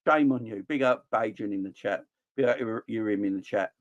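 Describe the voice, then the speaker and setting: A man's voice: fairly low pitch, fairly quick, lo-fi sound. Jokey man on a livestream. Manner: animated, jokey, blunt slang. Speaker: fan channel host. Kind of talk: casual livestream chat.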